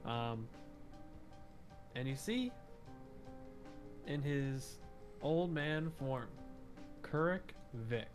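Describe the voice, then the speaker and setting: A man's voice: mid-range voice, animated, drawn-out words, pauses often, soft background music. A man running a live tabletop game as game master, describing scenes loosely with lots of fillers.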